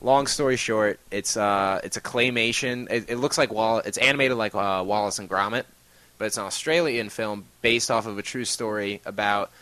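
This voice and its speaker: A man hosting a podcast talks in a loose, rambling way, full of fillers and swearing. His voice has a bright, forward edge. It sounds close and dry, with no room around it. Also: on the low side, moderate pace, dry recording. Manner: rambling, profane, lots of fillers. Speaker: podcast host. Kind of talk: casual chat.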